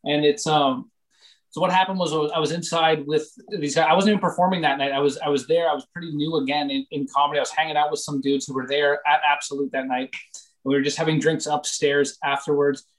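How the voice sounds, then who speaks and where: A young Canadian comedian with a slightly high voice for a man tells a story in loose podcast conversation. He talks fast, swears a lot, uses plenty of fillers and stays animated throughout. The audio is poor.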